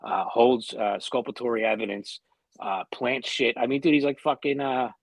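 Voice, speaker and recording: Husky, blunt man in heated podcast talk. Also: medium pitch, moderate pace, no room sound. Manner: blunt, heated, heavy swearing. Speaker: podcast co-host. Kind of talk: casual podcast chat.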